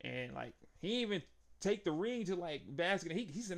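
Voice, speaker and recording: A young man with a slightly high voice recaps a wrestling match in casual, excitable talk. He laughs often and acts out the wrestlers' lines as he goes. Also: normal speed, vocal fry. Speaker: wrestling show reviewer.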